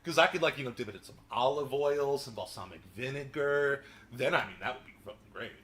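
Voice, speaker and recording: A man streaming a racing game, commenting casually, swearing often and breaking into yelps and shouts. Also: medium pitch, a little fast. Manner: excitable, swears a lot, bursts into yelps and shouts. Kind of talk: live gameplay commentary. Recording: noisy game stream audio.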